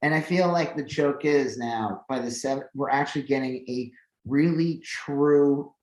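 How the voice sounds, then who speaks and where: A man's voice: medium pitch, a little slow. A man co-hosting a podcast, chatting casually and rambling with many fillers. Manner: rambling, filler-heavy, animated when excited. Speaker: podcast co-host. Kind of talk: casual chat. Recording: echoey room.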